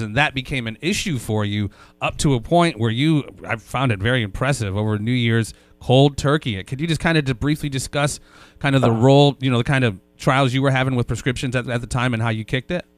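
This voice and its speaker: A man of medium pitch hosts a casual interview, asking long, rambling questions full of fillers. The recording has no room sound.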